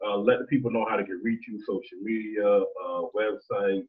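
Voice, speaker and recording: Podcast host guy, lowish voice, sounds like he's on a phone line, keeps thanking his guest. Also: steady tone, moderate pace. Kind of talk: casual interview chat.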